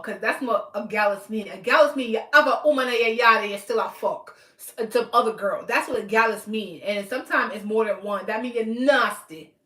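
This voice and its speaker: A woman with a fairly bright, higher voice hosts a podcast, delivering casual commentary in a blunt, emphatic way as she lectures her listeners. The room is echoey.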